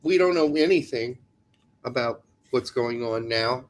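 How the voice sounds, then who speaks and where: A man's voice: medium pitch, measured pace. A man co-hosting a soccer podcast in a casual, joking chat, teasing his co-host about pronunciations.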